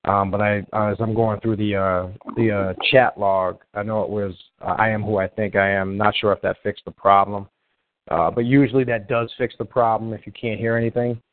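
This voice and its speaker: Low-voiced guy hosting a call-in show, rambly and casual, tinny phone sound. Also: little pitch movement, normal speed. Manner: rambling and loose, restarts often while troubleshooting callers. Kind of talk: casual live call-in chat.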